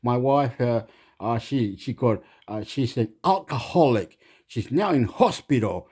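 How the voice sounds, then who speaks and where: A man's voice: mid-range voice, animated, a little slow, a little mellow, slightly rough. A man telling crude, rambling comic stories as a vlogger. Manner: rambling, crude, many fillers and restarts.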